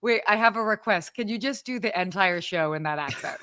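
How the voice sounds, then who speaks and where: A woman's voice: medium pitch, fairly quick, bright, forceful tone, smooth, no room sound. A woman co-hosting a live podcast from her apartment, chatty and exclamatory with lots of fillers. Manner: bubbly, exclamatory, many fillers. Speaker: podcast co-host. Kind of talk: casual live-stream chat. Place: home apartment.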